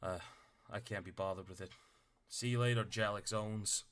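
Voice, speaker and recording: A man's voice: lowish voice, steady tone, moderate pace, a bit bright, a little hiss or hum, lightly acted. A man voicing a tired, grumbling male soldier in armor. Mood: weary.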